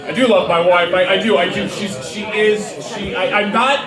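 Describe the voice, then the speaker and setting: A middle-aged man doing a stand-up set in a small dive bar, talking in a rambling, self-deprecating way with halting restarts. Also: high-pitched, fairly even intonation, recorded from a distance. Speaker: stand-up comedian. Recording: roomy bar sound from off-mic with audience. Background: crowd laughter.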